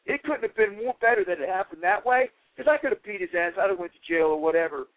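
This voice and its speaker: A man with a fairly high voice tells a story in an interview, acting out the quotes with rising heat. The sound is dry and close, with no room echo. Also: fast. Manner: animated, heated retelling with acted-out quotes. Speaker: interview guest, former fighter.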